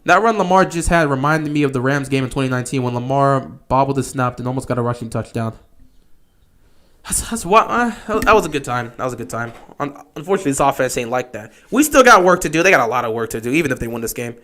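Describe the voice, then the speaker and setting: A young man hosting a livestream, giving excitable play-by-play reactions to football games that swing from shouting to muttering. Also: medium pitch, quick pace. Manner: excitable, shouts at big plays then mutters. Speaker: livestream host. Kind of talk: live football watch-along commentary.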